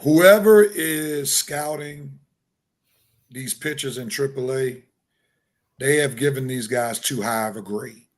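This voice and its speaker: A man co-hosting a live sports stream, reading out comments and laying out his view with steady, measured reasoning. His voice is mid-pitched for a man, with the odd filler as he thinks aloud. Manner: measured and analytical, with fillers and restarts. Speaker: sports show co-host. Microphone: video call.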